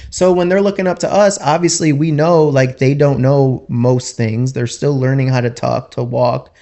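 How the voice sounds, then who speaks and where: A man talking as a podcast guest in a casual, rambling way, full of "like" and "you know", and quick to laugh. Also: medium pitch, steady tone, dark tone. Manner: laughs easily while telling stories.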